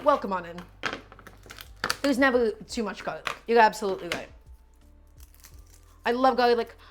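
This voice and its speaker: A woman's voice: on the high side, fairly bright tone, a little hiss or hum. Chatty woman hosting a cooking stream. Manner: chatty, talks to chat viewers, repeats instructions. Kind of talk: casual live cooking stream chat.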